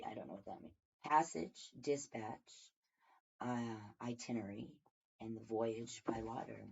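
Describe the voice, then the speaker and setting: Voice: mid-range voice, gravelly, breathy edge. A tarot reader giving a casual daily reading from home, rambling and thinking aloud with many fillers. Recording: dull lo-fi recording.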